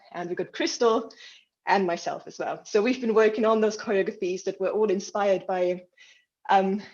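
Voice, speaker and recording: A woman's voice: medium pitch, darkish tone, lo-fi sound. A woman leading an online dance class over a video call, counting and cueing moves in an encouraging way, a little out of breath. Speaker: dance instructor.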